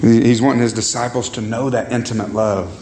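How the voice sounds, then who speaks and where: A man's voice: steady tone, a little fast, a little mellow, roomy sound, slight background noise. A man preaching a sermon as pastor, emphatic, repeating words and calling the congregation "guys" and "beloved". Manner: emphatic, swings pitch high and low, repeats words. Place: church sanctuary.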